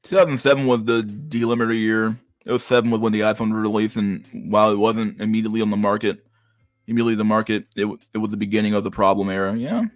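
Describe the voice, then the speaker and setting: A man's voice: fairly low pitch, dry recording. A man streaming and reacting to chat messages in a blunt, profane way, often stumbling and repeating words. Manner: profane, blunt, restarts a lot. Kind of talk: casual livestream chat.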